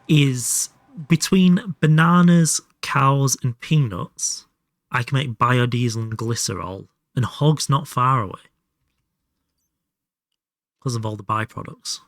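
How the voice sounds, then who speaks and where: Male livestreamer, mid-pitched voice, chatty and self-mocking, close dry sound. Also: slow pace, dry recording. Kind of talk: casual live gameplay commentary.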